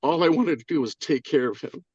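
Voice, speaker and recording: A man calls in to a live stream, rambling, swearing and apologizing as he chokes up with tears in a husky voice. His voice sits fairly high for a man. The audio is dry and dull, with a lo-fi, muffled tone. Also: fairly quick, a little mellow, dry recording. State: crying. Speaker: caller on a live call. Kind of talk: emotional live-stream call.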